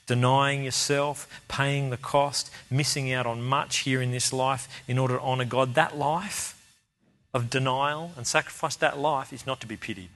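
A man's voice: medium pitch, fairly bright tone. A man preaching a sermon. He speaks earnestly and with emphasis, repeating key phrases for stress.

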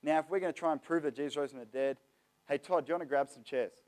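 A young man giving a lively, joking talk to a youth audience, addressing the crowd directly. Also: a little high, rapid-fire. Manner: chatty and joking, talks straight to the audience. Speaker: youth seminar speaker.

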